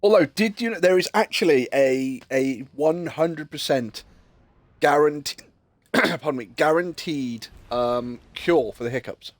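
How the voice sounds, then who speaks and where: A man's voice: medium pitch, unhurried, no room sound, faint music behind. A man streaming a game, chatting in a rambling way and swearing casually while he has the hiccups. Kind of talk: casual livestream chat while gaming.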